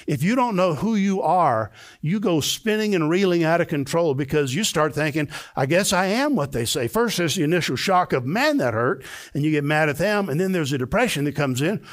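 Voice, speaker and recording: An older male pastor delivers a sermon from a church sanctuary, his voice sitting a touch high for a man. He preaches with emphasis and often lifts into high, excited bursts. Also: fairly quick, few pauses.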